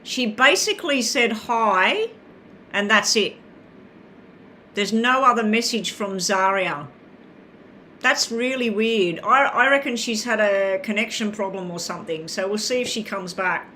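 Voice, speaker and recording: Woman, tarot reader, live stream, chatty and rambling, mid-pitched voice, faint background noise. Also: animated, unhurried, bright, forceful tone. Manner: chatty, rambling, addresses viewers by name.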